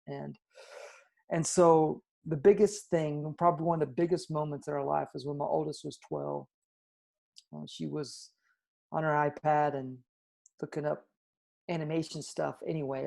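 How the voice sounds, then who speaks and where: A man in his forties, a father being interviewed, speaking earnestly and reflectively, often trailing off quietly. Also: on the high side, creaky. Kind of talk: candid interview storytelling.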